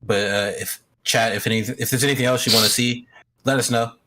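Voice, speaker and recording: A man's voice: medium pitch, steady tone, brisk, bright, forceful tone. A man co-hosting a casual livestream chat, loose and agreeable, chuckling often. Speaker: podcast co-host.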